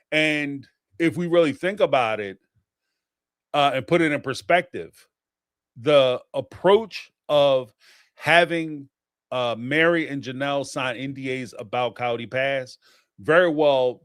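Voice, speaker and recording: A man hosting a show where he reacts to listener voicemails, talking in slangy, animated casual commentary and laughing often. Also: mid-range voice, dry recording, studio quality. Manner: animated, laughing, slangy, talks back to the people he discusses.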